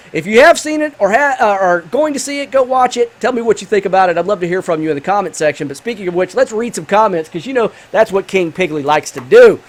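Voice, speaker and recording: High-voiced man rambling through gameplay. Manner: rambling and enthusiastic, full of fillers. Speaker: gaming channel host. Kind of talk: casual let's-play commentary with movie review.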